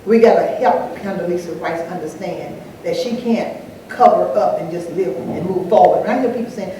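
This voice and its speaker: An older woman speaking on an anniversary panel, an animated storyteller who acts out the dialogue in her anecdotes. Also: fairly low pitch, brisk. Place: large echoey hall, live event. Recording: echoey hall, distant mic, faint noise.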